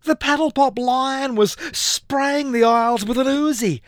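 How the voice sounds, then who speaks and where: A man's voice: very high-pitched, measured pace, noisy background. A man, a poet, performing his comic poem with a theatrical delivery and big dramatic swings in his voice. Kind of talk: performance poetry reading.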